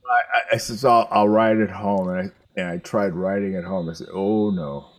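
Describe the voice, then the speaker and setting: An older man telling a story in casual chat, halting and rambling, with some swearing. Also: deep voice, fairly even intonation, dry recording.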